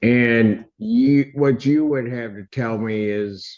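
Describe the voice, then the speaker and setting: A male judge questioning people in court, slow and firm, often cutting in. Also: mid-range voice. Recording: dull courtroom audio.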